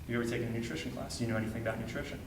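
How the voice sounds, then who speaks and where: A man's voice: mid-range voice, level tone, very fast, slight background noise. A man giving a training talk, telling a story emphatically and acting out the dialogue, repeating phrases for effect. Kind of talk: animated storytelling talk to a group. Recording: roomy sound from far off with faint ambience.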